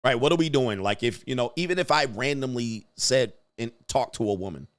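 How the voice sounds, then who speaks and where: Male live-stream host, mid-pitched, loose and jokey, reads donor messages aloud. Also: animated, fairly quick. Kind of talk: casual live-stream commentary.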